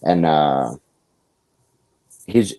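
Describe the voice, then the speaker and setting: A man's voice: extremely low pitch, expressive, drawn-out words, warm tone. A man from Colorado, a grappling coach, chatting easygoingly as a podcast guest. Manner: laid-back, easygoing. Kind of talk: casual podcast chat.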